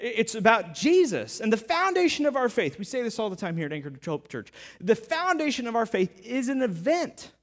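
A male pastor with a fairly high voice delivers a sermon like he's telling a story to friends. He talks casually, piles on filler words and breaks into playful sarcasm.

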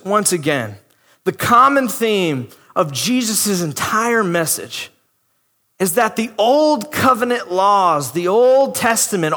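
A man delivering a sermon in a bright, high voice that swoops up and down with lively emphasis. He talks conversationally and acts out the voices he quotes. His words ring out with a long hall reverb behind them. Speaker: preacher.

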